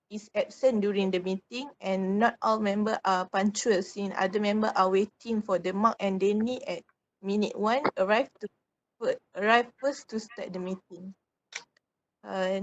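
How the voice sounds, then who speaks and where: A woman's voice: mid-range voice, muffled recording. Hesitant woman giving a class presentation. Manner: hesitant, many filler sounds and restarts. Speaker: student presenter.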